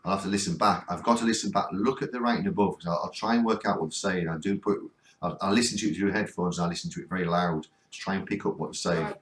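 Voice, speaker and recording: Northern english guy on a ghost hunt, lowish voice, begging spirits to talk, roomy echo. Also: quick pace, fairly bright tone. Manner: coaxing, earnest, keeps pleading for replies. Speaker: ghost hunting vlogger. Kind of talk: spirit box session, talking to spirits. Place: cold spot on a ghost hunt.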